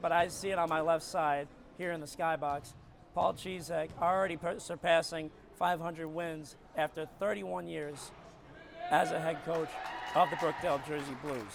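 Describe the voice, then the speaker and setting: Raspy, gravelly male play-by-play caller, excitable, over noisy arena sound. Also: on the high side. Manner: excitable, shouts on big plays. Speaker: play-by-play commentator. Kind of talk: live basketball play-by-play. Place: arena skybox. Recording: noisy arena broadcast feed. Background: arena ambience, ball bouncing.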